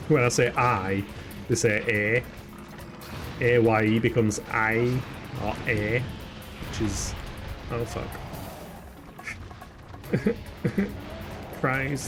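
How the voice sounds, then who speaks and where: A young English man with a Yorkshire accent talks through a live game stream, easygoing and chatty, answering viewers and cursing at the screen. His voice sits at an ordinary middle pitch, with faint game music underneath. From England. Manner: chatty, laughs often, swears, answers chat aloud. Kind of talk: casual live-stream chat while gaming.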